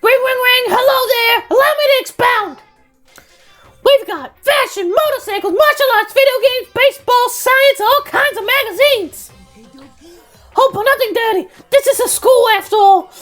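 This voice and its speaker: Woman putting on a squeaky mischievous bear mascot. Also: moderate pace, fairly bright tone, soft background music. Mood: showy.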